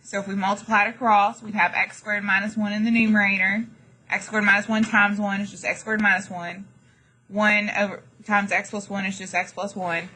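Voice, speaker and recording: Bright-voiced woman teaching math. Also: medium pitch, level tone, normal speed, low-quality recording. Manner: chatty, dramatic asides, jokey. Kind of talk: classroom lesson. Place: classroom.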